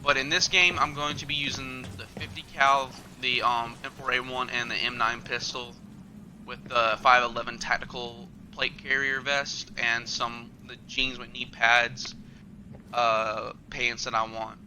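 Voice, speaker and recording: A man's voice: mid-range voice, flat delivery, a little slow, pushed and bright, a little hiss or hum, poor audio. A young man hosting a gaming channel, talking loosely with lots of fillers as he plays. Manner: rambling, loose and filler-heavy. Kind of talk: casual gameplay commentary.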